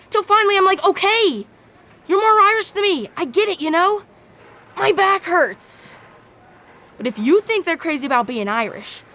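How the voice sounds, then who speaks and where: A woman performing a theatrical monologue as a rowdy young adult, telling crude bar stories. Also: sits high. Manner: animated, brash storytelling with crude asides. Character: rowdy young adult bragging about wild bar nights.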